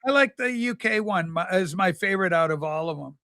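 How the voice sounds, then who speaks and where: Guy hosting a stream, super high bright voice, campy rambly storyteller. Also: animated, brisk, dry recording, clean studio sound. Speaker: livestream host. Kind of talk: casual chat.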